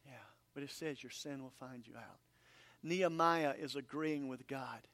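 A man's voice: mid-range voice, moderate pace, fairly bright tone. A man preaching a sermon as pastor, earnest and emphatic.

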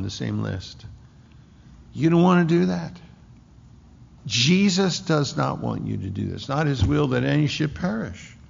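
Man preaching in a church, hammers the same words over and over, gravelly voice, muffled lo-fi sound. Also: a little high. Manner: emphatic, repeating key words. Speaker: pastor. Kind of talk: sermon. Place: church sanctuary. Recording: dull lo-fi recording in a reverberant hall.

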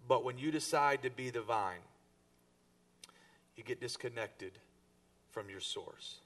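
Pastor, male, mid pitch, preaching to a congregation with emphatic rises, heard at a distance from the mic. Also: measured pace, fairly bright tone. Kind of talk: sermon.

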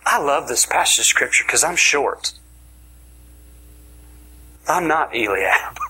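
Husky man preaching slowly and playfully. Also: medium pitch, expressive, sharp tone. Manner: playful, joking storytelling, with sudden whispers. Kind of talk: sermon.

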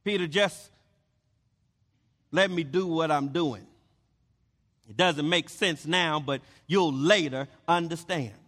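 A man's voice: fairly high pitch, takes it slowly, long pauses, fairly bright tone, in a large hall. A man preaching a sermon, emphatic, often stammering and repeating his words.

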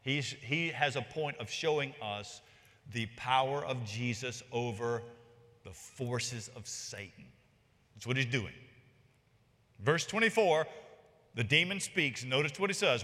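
A man's voice: mid-range voice, a little slow, bright, forceful tone. A man preaching an expository sermon, talking emphatically and rising on his key points. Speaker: pastor. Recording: long reverb of a large hall.

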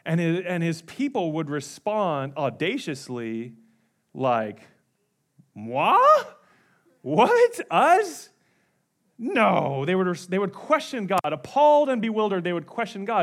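A man's voice: expressive, moderate pace, hardly any pauses. Dynamic preaching pastor, a man. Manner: dynamic preaching, swinging from hushed lows to loud outbursts. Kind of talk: sermon. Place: church sanctuary.

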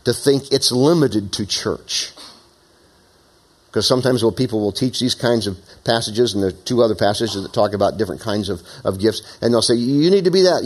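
A man preaching a sermon in an animated, conversational way, with frequent asides. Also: medium pitch, slightly rough. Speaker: pastor. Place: church meeting in an opera house.

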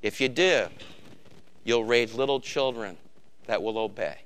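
A middle-aged pastor preaches a sermon to his congregation in a bright, ringing, mid-range voice that stays clear and smooth at a slightly slow pace. He alternates between loud, emphatic bursts and quiet, intense passages.

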